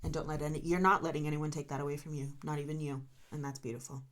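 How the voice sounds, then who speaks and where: A woman's voice: sits low, little pitch movement, fast talker. A woman doing a solo tarot reading, talking straight to her viewers in an emotional, encouraging way. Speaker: tarot reader.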